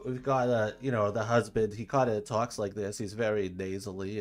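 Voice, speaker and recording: A man hosting a casual livestream in a laid-back, slangy way that turns excited at times. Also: lowish voice, normal speed, few pauses, faint music behind. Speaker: streamer and dungeon designer.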